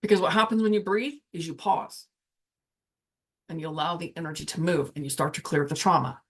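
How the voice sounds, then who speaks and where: A woman casually teaching, speaking reflectively and guiding the listener through slow breathing, often trailing off mid-sentence. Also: low-pitched, fairly even intonation, breathy edge. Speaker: spiritual coach.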